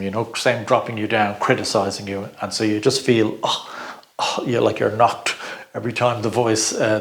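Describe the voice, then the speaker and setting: Chatty middle-aged man teaching. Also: fairly low pitch. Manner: chatty, laughs often, repeats words while searching. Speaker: personal growth coach. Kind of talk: informal teaching talk.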